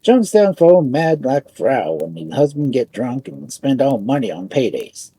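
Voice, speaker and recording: A man narrates a folk tale in broken immigrant English. His voice is husky and lively in pitch, and it is recorded dry and close with no room sound. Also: measured pace, no echo. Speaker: storyteller.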